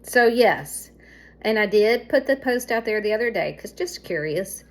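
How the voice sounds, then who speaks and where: Speaking at a moderate pace with lively intonation and a medium pitch, this Alabama woman in middle age talks casually to her home audience. The vlogger's Southern accent comes through as she rambles and gets sidetracked.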